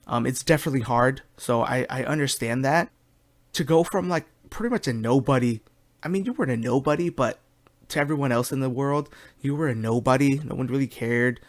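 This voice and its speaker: A young man hosting a solo podcast, ranting in a heated, loose and rambling way, with frequent swearing. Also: medium pitch. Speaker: podcast host. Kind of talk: solo casual rant.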